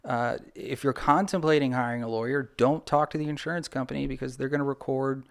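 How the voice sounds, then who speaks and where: A man speaking as a guest on a podcast interview, his voice gravelly with a creaky edge. He explains his points in a lively, conversational way, full of "like"s and asides. He sounds like a practical lawyer giving frank advice. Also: medium pitch, a little fast. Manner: animated, talks things through with lots of "like" and acted-out quotes. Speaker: personal injury attorney, podcast guest.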